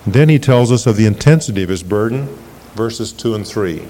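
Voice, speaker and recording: A man with a lowish, mellow voice and lively intonation preaches a sermon, putting questions to his congregation. He speaks emphatically, slowing down and swelling on scripture quotes. It's a 1980s church recording with long hall reverb and faint ambient noise.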